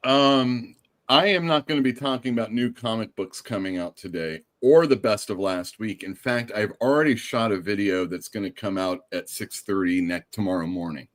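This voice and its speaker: A man's voice: on the low side, moderate pace. A man hosting a casual live stream, telling a story and acting out the people in it. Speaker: host.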